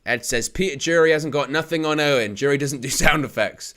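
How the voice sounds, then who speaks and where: A man hosting a live football watch-along, giving excitable play-by-play between jokey chat with viewers, laughing often and rising to shouts at near-misses. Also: fairly high pitch, brisk.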